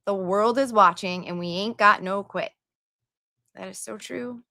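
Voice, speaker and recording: A woman's voice: mid-range voice, measured pace, vocal fry, bright, forceful tone, no echo, clean studio sound. A woman hosting a livestream, chatting casually and reading viewer donations and messages aloud with her own asides.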